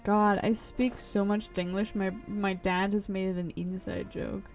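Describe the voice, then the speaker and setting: A woman streamer rambles her way through casual, profane gameplay chatter. Her slow delivery carries a gravelly fry. Loud game music runs underneath her talk. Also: medium pitch, level tone. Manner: rambling, profane, self-interrupting.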